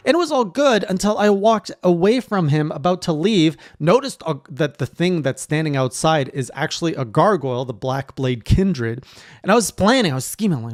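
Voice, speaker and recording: A man, a gaming streamer, recapping his playthrough in casual narration with animated, excited reactions. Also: on the high side, moderate pace, dry recording.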